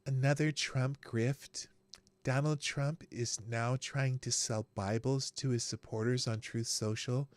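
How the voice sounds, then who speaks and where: A man doing a whiny, mocking voice of a male pundit, lower and quieter than his own voice. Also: steady tone, a little slow, no room sound, close to an everyday voice.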